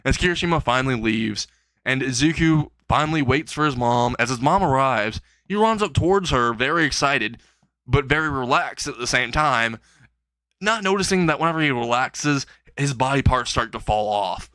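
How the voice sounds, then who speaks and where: Bright-voiced rambling male storyteller. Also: mid-range voice, expressive, moderate pace, dry recording. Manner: rambling, chuckling between lines. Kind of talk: improvised comedic fan story narration.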